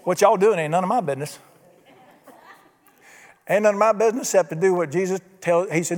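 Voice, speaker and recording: Folksy preacher in an echoing hall. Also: male voice, high-pitched, brisk, pauses often. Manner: folksy, preaching with rhetorical questions. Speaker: pastor. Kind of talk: sermon. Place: church.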